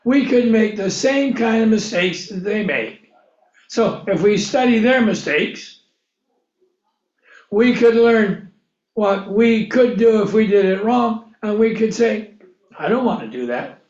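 A man with a high voice delivers a slow, unhurried sermon, posing questions to his listeners and answering them himself. The recording sounds dull and lo-fi, and his voice rings in a roomy, echoey space. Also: darkish tone. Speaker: preacher. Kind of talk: sermon, Bible teaching.

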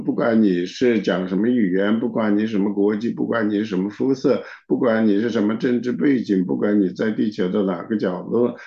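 Gravelly dark-voiced male sermon interpreter. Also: on the low side. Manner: steady, with frequent filler particles. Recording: dull, echoey room recording.

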